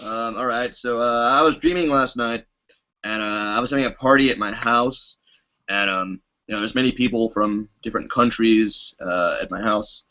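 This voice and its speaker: A man's voice: medium pitch, moderate pace, pushed and bright. A man telling a comic dream story, hesitant and full of ums and uhs, heard over a muffled video call. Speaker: guest.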